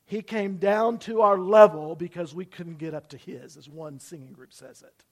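A man preaching a sermon to his church, swinging from loud emphasis down to hushed tones and having the congregation repeat after him. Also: high voice, moderate pace. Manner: preaching with sudden loud emphasis and drops to near-whisper; asks the congregation to repeat phrases. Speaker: pastor. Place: church building.

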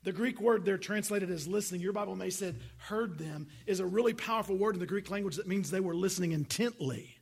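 A man's voice: high-pitched, fairly quick, vocal fry, few pauses, a little mellow, slightly rough. A man preaching a sermon as pastor, earnest and full of rhetorical questions.

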